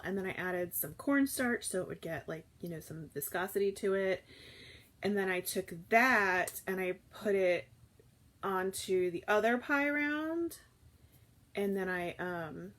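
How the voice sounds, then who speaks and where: A woman in her thirties, chatting casually and rambling through a live morning stream, with lots of fillers and restarts. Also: mid-range voice. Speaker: food vlogger hosting a live morning chat.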